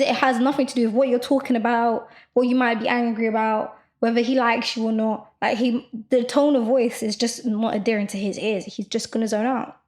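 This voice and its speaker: A young woman co-hosting a podcast, talking loudly and quickly in a rambling casual chat full of fillers. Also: on the high side. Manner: loud, fast rambling with many fillers. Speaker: podcast co-host.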